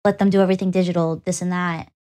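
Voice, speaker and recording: A woman's voice: on the low side, flat delivery, rapid-fire, warm tone. A woman co-hosting a VTuber podcast in casual chat, giggly and often trailing off mid-sentence.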